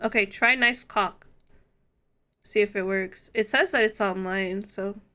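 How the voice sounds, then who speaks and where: Giggly, bright-voiced woman streamer. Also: medium pitch, steady tone, a little slow. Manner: giggly, playful, swears freely. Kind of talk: casual live-stream chat.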